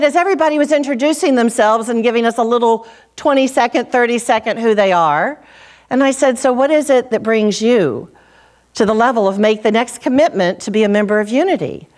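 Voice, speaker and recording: A woman minister preaching a sermon, telling stories with dramatic pauses and dropping low for quoted lines. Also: lively intonation. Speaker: senior minister. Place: church sanctuary.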